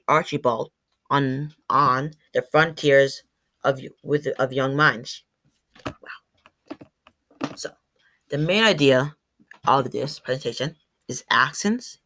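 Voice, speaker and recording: A student with a low-sitting, slightly bright voice presents to her class, demonstrating sounds by saying sample words aloud. She stumbles over words and corrects herself along the way.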